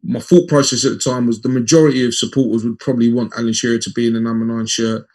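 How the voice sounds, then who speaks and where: A man in his fifties, a former footballer, telling lively anecdotes as an interview guest and acting out the dialogue. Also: medium pitch, fast. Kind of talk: conversational storytelling in an interview.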